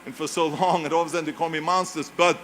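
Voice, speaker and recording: A man's voice: a little high, fairly even intonation, racing, a bit bright, a little hiss or hum. Emphatic man with a German accent. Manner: emphatic, repeats key phrases. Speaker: speaker. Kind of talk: motivational speech.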